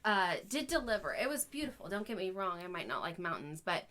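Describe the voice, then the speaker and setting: A woman's voice: fairly low pitch, sing-song, brisk, pushed and bright. A woman in her thirties co-hosting a family podcast, chatting casually, laughing often and talking openly about her feelings. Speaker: podcast co-host. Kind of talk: casual chat.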